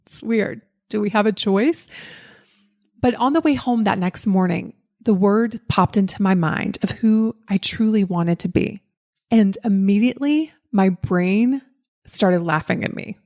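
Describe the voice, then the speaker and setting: Female podcast host with a faint Southern US accent. Lively, personal motivational delivery at a middle pitch. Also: measured pace. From Southern United States. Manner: lively storytelling, acts out quoted voices. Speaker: podcast host and life coach. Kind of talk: motivational talk with personal story.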